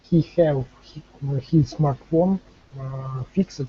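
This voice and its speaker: Hesitant, polite male student, slightly high. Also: slow pace, no echo, dull audio. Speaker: language student.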